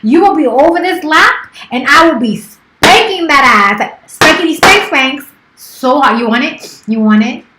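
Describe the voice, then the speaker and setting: A woman's voice: high-pitched, animated, moderate pace, reverberant, noisy background. A woman in her thirties chatting casually on a live stream, playful and teasing, swearing freely. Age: 30s. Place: office.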